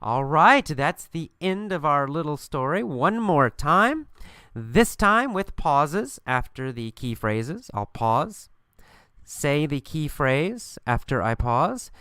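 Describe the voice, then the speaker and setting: A man's voice: fairly high pitch, big pitch swings, slow, pushed and bright, clear, resonant tone, no room sound, studio quality. A man teaching an English lesson by telling a story, asking questions and answering them himself with emphatic repetition.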